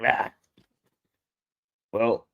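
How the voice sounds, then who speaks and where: A man with a New York accent hosting a casual live stream, excitable and swearing freely as he greets viewers. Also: drawn-out words, highs cut off.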